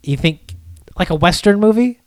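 Playful higher-voiced man in banter. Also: animated, a little mellow, no echo. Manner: playful, joking, quick banter. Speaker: podcast co-host. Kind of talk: casual fantasy football chat.

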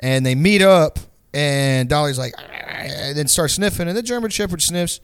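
A man's voice: on the high side, animated, normal speed, smooth, dry recording, clean studio sound. A young man telling stories in a casual chat, rambling and profane, full of "like" and slang. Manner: rambling, profane storytelling with lots of "like". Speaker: podcast co-host.

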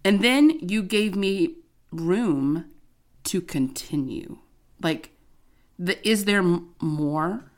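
A woman co-hosting a casual podcast chat, telling a story in an animated, expressive way. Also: on the low side, drawn-out words. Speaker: podcast co-host.

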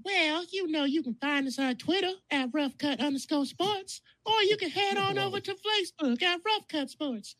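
A man putting on a squeaky sing-song hype announcer. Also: moderate pace, hardly any pauses, pushed and bright, no echo. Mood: hammy. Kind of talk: comic put-on voice in a podcast blooper.

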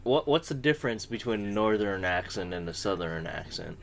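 A man's voice: on the low side, expressive, brisk, gravelly, slight background noise. A man in a casual podcast chat who laughs often and asks puzzled questions. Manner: giggly, curious questioning.

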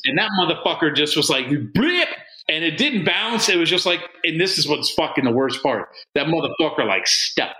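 Bright-voiced male co-host, profane and animated, in an echoey room. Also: a little high, fairly quick, hardly any pauses. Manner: profane, animated, swings into loud quoted voices. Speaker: podcast co-host. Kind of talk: casual storytelling. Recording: roomy echo.

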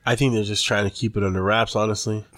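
A man's voice: on the low side, steady tone, quick pace, fairly bright tone. A man co-hosting a podcast in laid-back, slangy casual chat, swearing freely. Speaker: podcast co-host.

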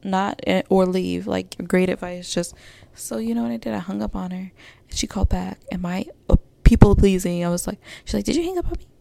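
Gravelly-voiced woman podcaster, candid and rambling. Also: medium pitch, steady tone, a little fast, dark tone, no echo. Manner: candid, rambling, many fillers and restarts. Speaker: podcast host. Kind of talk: personal podcast monologue.

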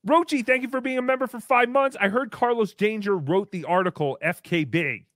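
A man hosting a comedic livestream, thanking members in a goofy, animated manner. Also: high voice, fairly quick, dry recording, clean studio sound. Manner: goofy, animated, swinging between squeals and mumbles. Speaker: livestream host. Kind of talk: comedic live-stream chat.

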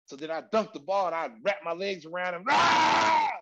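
A middle-aged man telling an animated, slangy story as a guest, acting out voices and sometimes shouting. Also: on the high side, fast talker, highs cut off, noisy background.

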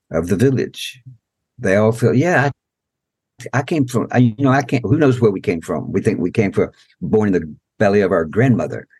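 Older male elder, low husky voice, folksy and rhythmic, dry close sound. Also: a little mellow, no room sound. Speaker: guest elder and storyteller. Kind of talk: storytelling in a podcast interview.

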